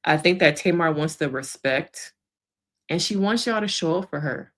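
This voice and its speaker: Speaking low at a normal pace, a female therapist breezily recaps an episode of a reality show. She performs the quotes with energy and laughs as she goes.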